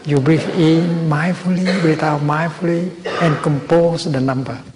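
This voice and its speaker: A man giving a Buddhist dharma talk at a retreat, speaking slowly and gently with measured pauses. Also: a little high, fairly even intonation, a crowd in the background. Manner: slow, gentle, measured phrasing with long pauses. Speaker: Buddhist teacher. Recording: roomy hall with long reverb and faint noise.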